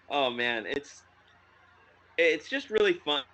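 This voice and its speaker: A man chatting casually on a podcast, rambling through his thoughts with lots of fillers and laughs. His voice has a bright, forward tone. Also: on the high side, very animated, very slow. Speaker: podcast co-host. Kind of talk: casual chat.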